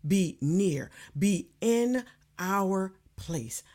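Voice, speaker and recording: A woman preaching a sermon in a calm, measured way, repeating key phrases for emphasis. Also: medium pitch.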